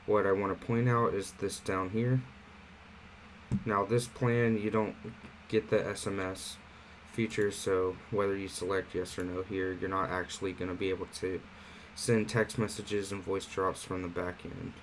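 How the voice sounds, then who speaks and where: This casual screen-share tutorial features a low-voiced man hosting an online marketing platform walkthrough in a relaxed, conversational manner, full of fillers. He talks at a normal speed. The recording is rough, with a little hiss or hum.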